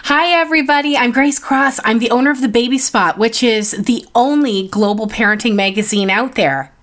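An upbeat woman co-hosts a podcast, answering a compliment with a friendly one of her own. Her voice is fairly high and bright in tone. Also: normal speed. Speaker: podcast co-host. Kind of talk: podcast interview.

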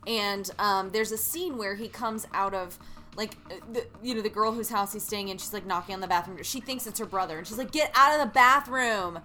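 A woman's voice: mid-range voice, a little fast, fairly bright tone. A woman co-hosting a podcast, telling stories casually with lots of fillers. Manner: rambling, filler-heavy storytelling. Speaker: podcast co-host. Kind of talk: casual chat.

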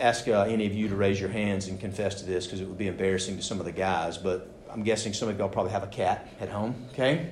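With a lowish voice, a male pastor gives an animated sermon, taking on the voices of the people he quotes. He's recorded in a church sanctuary, where the audio has a roomy echo and slight background noise.

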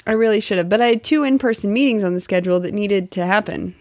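A woman's voice: medium pitch, fast talker, no room sound, clean studio sound. A woman co-hosting a casual home podcast, a bit stuffy from a cold, laughing often. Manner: laughs often, relaxed and candid. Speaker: podcast co-host. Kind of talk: casual chat.

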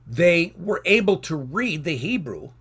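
A man's voice: fairly high pitch, sing-song, measured pace, a bit bright, slightly rough. A man teaching from the Bible in an earnest sermon, reading verses aloud with rising emphasis.

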